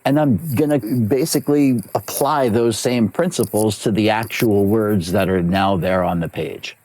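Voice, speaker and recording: A man's voice: lowish voice, unhurried, darkish tone. A man who works as a voice actor and coach, explaining his craft in an interview and repeating key phrases for emphasis.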